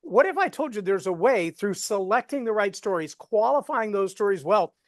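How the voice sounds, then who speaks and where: A man's voice: high voice, normal speed, no echo. Folksy man coaching storytelling, dry sound. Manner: folksy, animated storyteller acting out quotes. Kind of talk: live webinar teaching.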